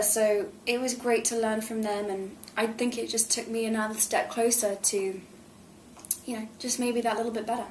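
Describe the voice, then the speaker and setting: A young woman talks in a bright, higher register, gushing and chatty as an interview guest. Her voice carries a roomy echo and a faint hum of background ambience. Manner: effusive and chatty. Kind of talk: candid press interview.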